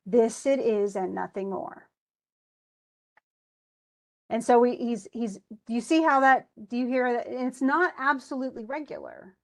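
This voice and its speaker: A woman's voice: on the high side, unhurried, creaky. A woman English instructor giving a classroom lecture on poetic meter, reading verse aloud with marked stresses and thinking aloud with questions to students. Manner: reads verse aloud with stresses, tapping out rhythm syllables.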